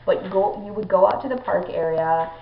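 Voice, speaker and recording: A woman's voice: mid-range voice, brisk, a little hiss or hum. A young woman telling a personal story to her viewers in a chatty vlog, with many ums and likes. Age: young adult. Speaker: vlogger. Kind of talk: casual storytelling to camera. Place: her home, indoors. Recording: echoey room, dull lo-fi audio.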